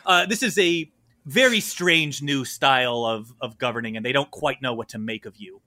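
A man's voice: medium pitch, moderate pace, bright, forceful tone. A man narrating a tabletop game as game master, improvising with frequent fillers.

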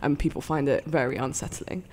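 A woman's voice: extremely low pitch, steady tone, a little fast, a crowd in the background. A young woman from Saudi Arabia with a London English accent, a guest chatting casually on a live podcast and giggling often. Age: young adult.

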